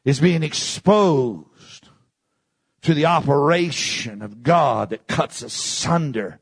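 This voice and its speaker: A man preaching a sermon with a gravelly, husky voice pitched a little high. He repeats phrases for emphasis and swings from shouted peaks down to low, quiet passages. The sound is dry and close. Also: lively intonation, unhurried, no echo.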